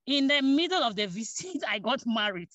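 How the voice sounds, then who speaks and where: A woman from Cameroon, giving a personal testimony in church, animated and acting out the dialogue as she tells it. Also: fairly high pitch, normal speed, dry recording. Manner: animated, acts out dialogue, laughs between phrases. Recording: dull dry lo-fi recording.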